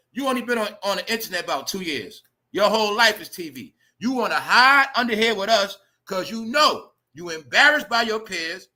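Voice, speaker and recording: A livestream host, a man, ranting loudly and profanely to his chat, animated and talking straight to viewers. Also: high voice. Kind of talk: ranting celebrity gossip commentary.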